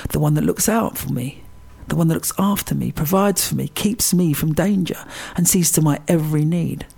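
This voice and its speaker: Gravelly, husky man teaching slowly. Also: a little high, a little mellow. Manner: slow and deliberate, stressing single words. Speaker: Christian meditation teacher. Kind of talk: reflective teaching talk.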